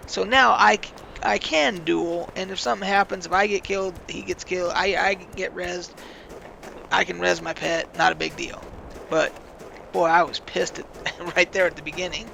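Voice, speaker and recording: Man, gravelly voice, somewhat high pitch, rambling profane storytelling, gameplay commentary, noisy background. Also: pushed and bright. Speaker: gaming channel host. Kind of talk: casual gameplay commentary with stories.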